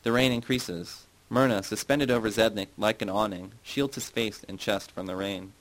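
A man narrating a literary novel in first person, measured and even. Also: on the low side, poor audio. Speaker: audiobook narrator.

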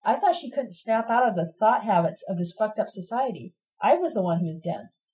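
A woman's voice: medium pitch, animated, fairly quick, dark tone, close to an everyday voice, poor audio. A woman voicing a furious, disillusioned young radical woman who talks in accusing, sarcastic bursts, in a read-aloud novel.

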